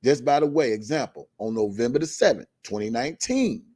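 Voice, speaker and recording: A male host on a live online show reads a legal document aloud and breaks in with casual, emphatic commentary and a repeated refrain. His voice is dark and mellow, and the sound is dry and close to the mic. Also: mid-range voice, very animated, slightly rough, no echo. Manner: emphatic, repeats a catchphrase refrain, drawn-out stresses. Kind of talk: reading a court filing aloud with commentary.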